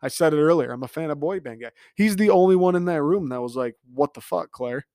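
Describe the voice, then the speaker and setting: A man's voice: fairly high pitch, lively intonation, fast, warm tone, no room sound, clean studio sound. A young man hosting a podcast, recapping a reality dating show in a casual, profane, sarcastic rant full of mocking asides. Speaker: podcast host.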